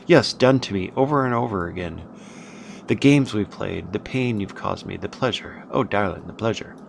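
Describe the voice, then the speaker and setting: A man voicing a sultry, flirtatious woman in a horror game, with a soft, silky voice and a slight put-on Southern drawl. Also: on the low side, creaky. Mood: seductive. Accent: light put-on Southern drawl. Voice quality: soft, silky, drawn-out "darling". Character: sultry, teasing woman, flirtatious then businesslike. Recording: noisy background.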